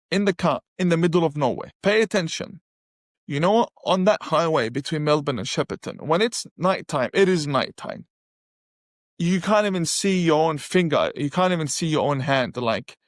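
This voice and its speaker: A man telling his personal testimony in an animated storytelling way, repeating phrases for emphasis. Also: on the high side, no echo, clean studio sound. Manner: animated, acts out his own past reactions; emphatic repetition. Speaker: guest sharing a conversion testimony.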